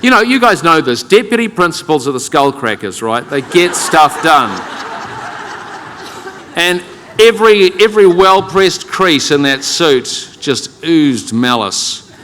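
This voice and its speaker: A man's voice: on the high side, sing-song, a little slow, a bit bright, a little hiss or hum. A middle-aged man with a New Zealand accent telling a self-deprecating story as a keynote speaker, wry and conversational. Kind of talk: humorous personal storytelling. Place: large conference hall with audience. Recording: long hall reverb.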